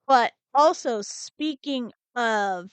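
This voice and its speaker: A woman's voice: fairly high pitch, extremely slow, clean tone, no echo. A woman co-hosting a podcast, chatting casually with many fillers and murmured agreement. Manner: relaxed, chatty, lots of "like" and "mm-hmm". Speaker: podcast co-host. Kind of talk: casual chat.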